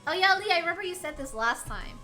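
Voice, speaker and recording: A woman's voice: very high voice, expressive, fast talker, bright, forceful tone, soft background music. An American woman chatting casually on a live stream, giggly and rambling, laughing often. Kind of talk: casual chat.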